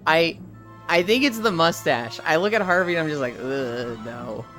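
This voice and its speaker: A woman's voice: lowish voice, moderate pace, a bit bright, faint music behind. A young woman streaming live, chatting casually and acting out game characters' lines, on a headset mic.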